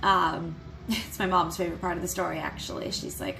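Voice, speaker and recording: A young adult woman telling a personal story to camera in a vlog, candid and quick to swear, with nervous little laughs. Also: on the low side, fairly even intonation, vocal fry, bright, forceful tone, low-quality recording. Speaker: vlogger.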